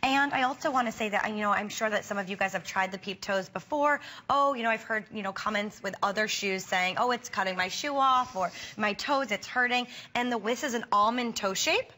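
An enthusiastic woman pitching on a live shopping channel. Her voice is bright and clear, and she reassures viewers warmly and persuasively. She talks from a TV studio set. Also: a little fast, few pauses. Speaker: shopping channel product presenter.

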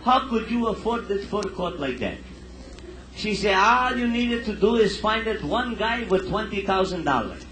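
A man telling stand-up jokes in broken immigrant English, in an animated storytelling manner before a live audience. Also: sits high, moderate pace, noisy background. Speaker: stand-up comedian. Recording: echoey live room recording. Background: audience laughter.

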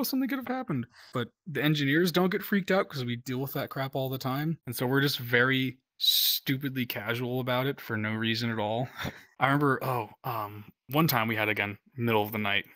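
Bright-voiced man telling rambling stories. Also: mid-range voice, no room sound. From United States. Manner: rambling, heavy use of "like" and "um" fillers; laughs while telling stories. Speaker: Coast Guard veteran guest. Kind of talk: casual storytelling.

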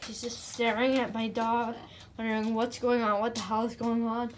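Young female vlogger, high-pitched, chatty and breathless, lots of repeated commands and praise; faint hiss behind. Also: little pitch movement, moderate pace. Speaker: vlogger training her service dog. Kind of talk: casual home vlog.

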